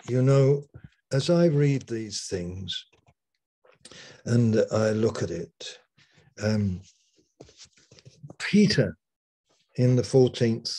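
Slow, emphatic male preacher. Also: medium pitch, slightly rough. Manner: slow, emphatic preaching with dramatic pauses and swings in loudness. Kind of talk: sermon. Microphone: video call.

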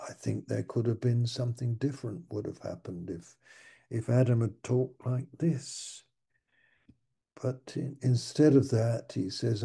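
A male preacher delivers a sermon in a very dark, husky voice. He speaks slowly, stumbling and repeating words as he works his way toward each point. A gravelly fry runs under his lower phrases. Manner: halting, repeats words while searching for them.

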